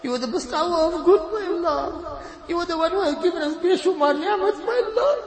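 A man with a high voice leads the congregation as imam, pleading fervently and repeating a refrain after each line. The sound rings through a reverberant mosque hall, with the gathered congregation audible behind him. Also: brisk, a crowd in the background. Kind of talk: leading congregational supplication and announcements.

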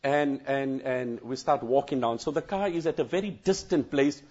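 A man's voice: mid-range voice, moderate pace, a little mellow, muffled recording. A man, a Muslim cleric, earnestly recounting what he saw first-hand, repeating phrases for weight and sometimes breaking into chanted recitation. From South Africa.

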